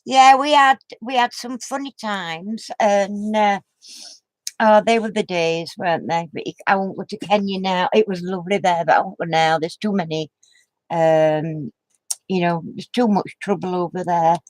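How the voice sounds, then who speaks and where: A woman's voice: fairly low pitch, fairly even intonation, moderate pace, no room sound. An older woman telling a funny story as a craft vlogger, laughing through her words and tossing in homely exclamations. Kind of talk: rambling anecdote to camera.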